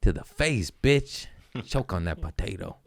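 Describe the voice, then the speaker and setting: A man with a low voice rambles through a comedy podcast, joking and cursing. His pitch jumps all over the place. The sound is dry and close to the mic. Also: expressive, measured pace, vocal fry, no room sound. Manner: profane, jokey, bursts into silly put-on voices. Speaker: comedian host.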